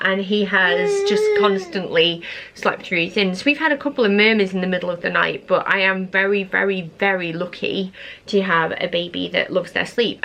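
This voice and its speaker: Chatty mum with gravelly fry. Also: female voice, mid-range voice, a bit bright. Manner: chatty and gushing, slips into sing-song baby talk. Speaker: parenting vlogger, mum of three. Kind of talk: casual chat to camera.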